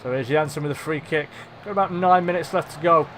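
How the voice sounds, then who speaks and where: A high-voiced young man talks through his game in a casual, chatty way. He gets excitable at the big moments, swears at the misses and laughs at his own slips. Faint music runs quietly behind him. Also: quick pace. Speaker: gaming commentator. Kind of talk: let's play commentary.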